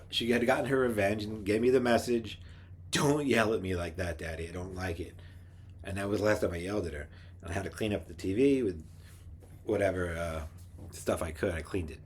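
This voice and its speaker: A middle-aged man, rambling through personal anecdotes in a relaxed monologue. His voice sits fairly low and sounds husky, and he often restarts his sentences as he talks. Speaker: podcast host. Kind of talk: casual storytelling monologue.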